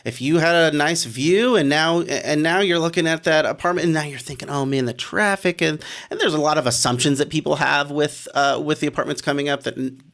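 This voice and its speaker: A man's voice: fairly high pitch, brisk, hardly any pauses, a bit bright. A man co-hosting a casual discussion, thoughtful and given to light laughs. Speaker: podcast co-host.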